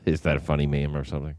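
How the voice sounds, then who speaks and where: A man's voice: rumbling low, darkish tone, no room sound, studio quality. A man hosting a show, casually commenting on clips in a rambling, amused way with lots of fillers.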